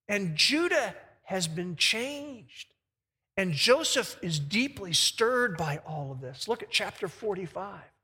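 A male pastor preaching a sermon, reading scripture aloud with big swings in volume and pitch. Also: bright, forceful tone, big-room sound.

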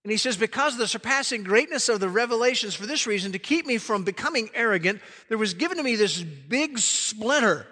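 High-voiced guy giving a sermon, earnest, goes soft and hushed, big echoey church hall. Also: lively intonation, fairly quick, few pauses. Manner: earnest, drops to a soft hush on key phrases. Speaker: preacher. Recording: long hall reverb.

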